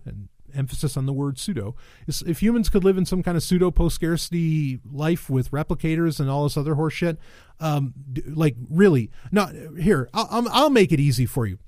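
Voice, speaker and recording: A man's voice: on the high side, very animated, moderate pace, a little mellow, dry recording, clean studio sound. A man giving a casual, sardonic commentary monologue, rambling with restarts and swearing, then flaring into exasperated rants. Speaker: commentator reacting to a blog post.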